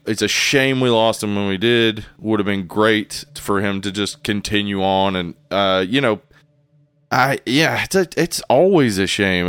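A young adult man co-hosting a podcast, chatting casually in a relaxed, rambling way with many restarts. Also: lowish voice, clean tone, no room sound. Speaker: podcast co-host. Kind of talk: casual chat.

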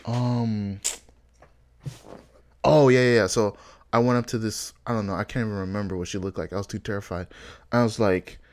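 Laughing young man telling animated stories. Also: on the low side, normal speed, pauses often. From Africa. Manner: animated storyteller, laughs often, acts out quotes. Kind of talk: casual storytelling chat.

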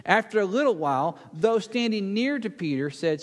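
A man preaching a sermon, retelling a Bible story dramatically, acting out the speakers and dropping to a hush for emphasis. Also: high-pitched, animated, moderate pace. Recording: long hall reverb.

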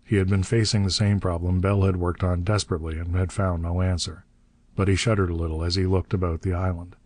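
A man narrating an adventure novel in a steady, measured audiobook reading. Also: sits low, no echo.

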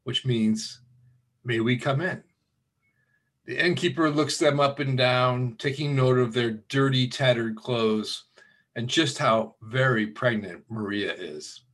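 A man's voice: mid-range voice, slow pace, a bit bright. A man, the minister, telling a Christmas story during a church service and lightly voicing the characters.

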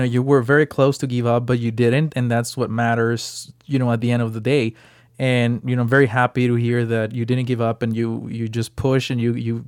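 A man's voice: mid-range voice, darkish tone, clean tone, no room sound, clean studio sound. A man hosting a podcast interview, encouraging his guest and filling his talk with "you know" and repeated words. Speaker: podcast host. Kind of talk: interview conversation.

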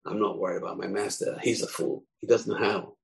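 Man playing a smug, dismissive rooster; low gravelly tone. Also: fairly even intonation, a little fast. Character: smug, carefree male rooster.

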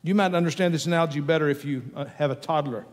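A man's voice: fairly high pitch, very fast. A man preaching a sermon in a conversational way, repeating his key phrases for emphasis. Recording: long hall reverb with faint music.

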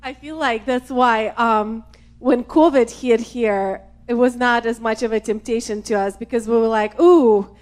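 A woman's voice: on the high side, fairly even intonation, moderate pace. A woman speaking candidly and with laughter during a sermon, talking about her own past. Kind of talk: casual chat within a sermon.

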